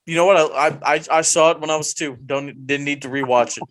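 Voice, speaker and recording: A man's voice: a little high, fairly even intonation, a little fast, fairly bright tone. A man co-hosting a wrestling podcast, talking casually and teasing the others with mock outrage. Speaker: podcast co-host.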